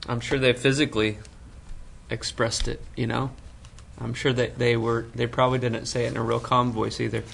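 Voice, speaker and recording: A man who leads worship joins a Bible study chat. His voice is very gravelly and he muses in an easygoing way. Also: medium pitch, flat delivery, normal speed, fairly bright tone, a little hiss or hum. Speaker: worship leader. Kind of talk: casual discussion.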